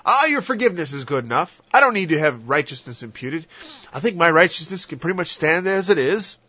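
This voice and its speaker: A man's voice: a little high, big pitch swings, a little fast, pushed and bright, husky, voice pushed up, full character voice. A man voicing a smug, careless male sinner in a mocking, sing-song way. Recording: dull lo-fi dry recording.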